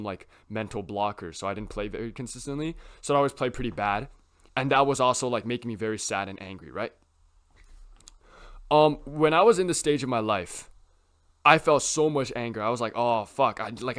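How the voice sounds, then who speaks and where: A man's voice: mid-range voice, fairly bright tone. A young man talking casually to camera about self-improvement, rambling with lots of filler words and tag questions. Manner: rambling, heavy use of "like" and "right?".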